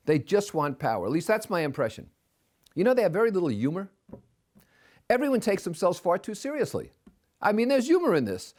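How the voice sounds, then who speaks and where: A man's voice: a little high, darkish tone. An older man with opinions, delivering a scornful commentary monologue as a podcast host, full of rhetorical questions.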